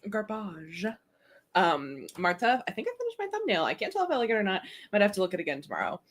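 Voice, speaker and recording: A woman's voice: medium pitch, huge pitch swings, rapid-fire. A woman co-hosting a casual writing stream, chatting playfully and reading out chat updates. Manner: giggly, playful, reads chat names aloud. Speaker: streamer co-host.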